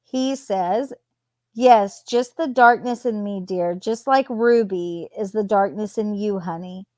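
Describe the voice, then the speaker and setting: This woman speaks slowly in a mid-range, slightly mellow voice, and the recording is dry. She's a true crime commentator at home, a cat close by, casually reading out texts and tossing in sarcastic remarks between them.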